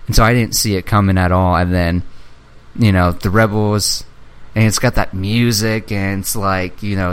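Excitable young man geeking out, swearing. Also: fairly low pitch, clear, resonant tone. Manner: excitable fan, swears freely, acts out movie lines. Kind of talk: casual chat.

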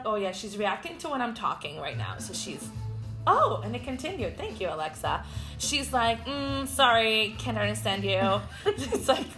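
A woman with a Swedish accent hosts a relaxed podcast conversation at a middle pitch. She laughs often, talks frankly and drops the odd swear word. Faint music plays in the background. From Sweden. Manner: giggly, candid, swears freely. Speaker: podcast host. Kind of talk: casual chat. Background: faint music from a smart speaker.

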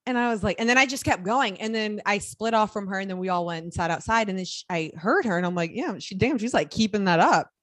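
A woman's voice: medium pitch, quick pace, hardly any pauses, fairly bright tone, no echo, studio quality. A young woman co-hosting a casual chat podcast, telling stories in a chatty way and laughing as she talks. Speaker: podcast co-host.

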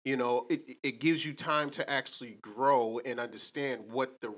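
Bright-voiced man arguing hard. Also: mid-range voice, normal speed. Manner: emphatic, argumentative. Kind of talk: casual debate chat.

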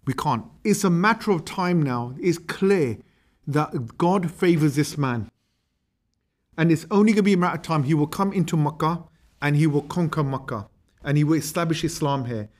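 A man's voice: on the high side, moderate pace, close to an everyday voice. A man doing a scheming envoy. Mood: plotting. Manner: conversational, slangy retelling. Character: scheming Meccan male envoy, middle-aged.

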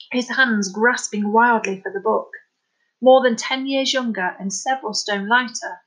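A woman narrating a novel as an audiobook in a steady, dramatic storytelling manner. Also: medium pitch, rough recording.

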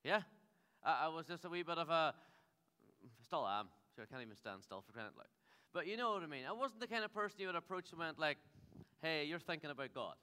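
Male pastor in his thirties, jokey rambling sermon, crisp bright voice, theatre hall reverb. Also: a little high, lively intonation, quick pace. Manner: humorous, rambling storyteller.

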